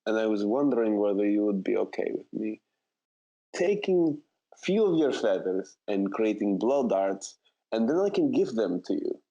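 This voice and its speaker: A man's voice: on the low side, big pitch swings, normal speed, mellow. A man playing a tabletop game, chatting casually and playfully on a dull lo-fi mic. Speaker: player.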